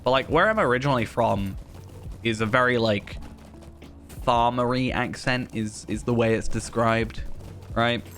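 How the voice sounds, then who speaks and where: A man's voice: medium pitch, measured pace, fairly bright tone. A man chatting in a rambling, self-deprecating way while streaming a game. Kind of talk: casual gaming commentary. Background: faint game music.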